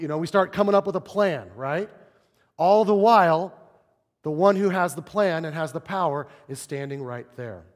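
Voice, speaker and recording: A man delivers a sermon from the pulpit, his slightly high voice animated as he acts out quoted voices, then sinks into soft, low tones to drive a point home. The sound carries the long reverb of a large sanctuary. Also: a little fast. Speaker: pastor.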